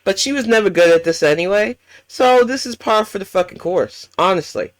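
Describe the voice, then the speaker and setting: A woman's voice: mid-range voice, animated, brisk, no room sound. A woman hosting a reaction commentary, ranting bluntly and swearing often. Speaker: commentary channel host.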